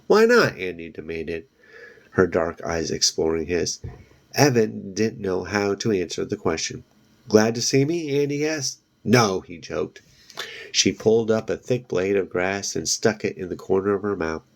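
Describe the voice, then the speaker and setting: A man reading a children's book aloud in plain, steady narration, with small slips and restarts along the way. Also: low-pitched, normal speed, vocal fry. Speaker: book video host.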